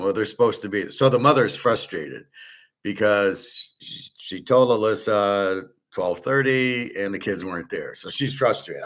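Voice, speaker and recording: In an unhurried, rambling monologue, a middle-aged man hosting his show drifts from topic to topic, restarting sentences and leaning on filler words. His voice is lowish with a fairly bright tone.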